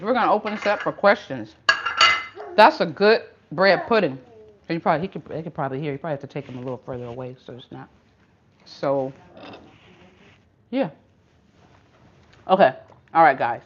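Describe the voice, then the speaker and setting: Low-voiced older woman, chatty cooking host. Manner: chatty, encouraging, folksy. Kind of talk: casual live cooking chat. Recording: muffled lo-fi livestream audio, faint room hum.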